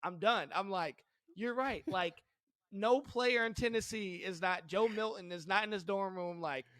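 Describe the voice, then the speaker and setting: Guy on a sports podcast, kinda high voice, dry sound, laughs a lot mid story. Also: moderate pace, a bit bright, dry recording. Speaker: podcast co-host. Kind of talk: casual sports chat.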